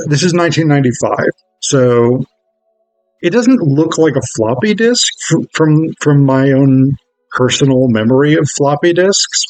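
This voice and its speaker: A man's voice: mid-range voice, a little mellow, no room sound, rough recording. Rambling man recapping a film. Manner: rambling, many fillers and self-corrections. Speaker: film reviewer.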